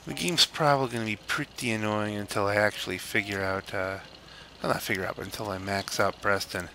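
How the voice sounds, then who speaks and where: A man quietly commenting on his gameplay in a hushed voice so he will not wake anyone at home. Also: lowish voice, a little fast, gravelly, a little hiss or hum, low-quality recording. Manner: hushed, quiet talk to avoid waking others. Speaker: gamer playing and commenting. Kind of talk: let's play commentary. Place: home, early morning. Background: game music.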